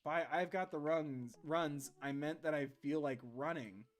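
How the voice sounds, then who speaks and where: A man voicing a goofy, laid-back adult gym dad who talks loud, upbeat and blunt while reading a game aloud. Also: on the high side, unhurried, lightly acted.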